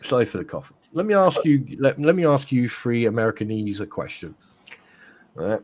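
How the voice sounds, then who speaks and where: A man's voice: medium pitch, very animated, a little fast, darkish tone, rough recording. A man on a video call panel who talks bluntly, teases and swears a lot in casual chat. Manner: blunt, swears often, teasing. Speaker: panel guest.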